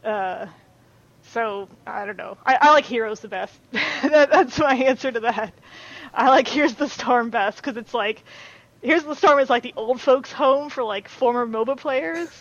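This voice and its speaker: A woman's voice: on the high side, measured pace, dry recording, lo-fi sound. A woman chatting as a podcast guest, talking loosely with many fillers and restarts. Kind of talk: casual chat.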